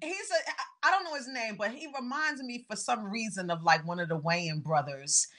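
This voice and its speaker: A woman's voice: mid-range voice, expressive, moderate pace, bright, forceful tone. A woman hosting a casual chat, playful and teasing, laughing often. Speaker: host.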